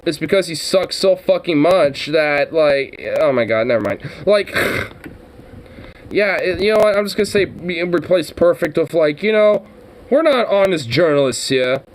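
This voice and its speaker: A man's voice: fairly high pitch, a little slow. A man streaming a profane, mocking reaction to a news clip, exasperated and swearing heavily.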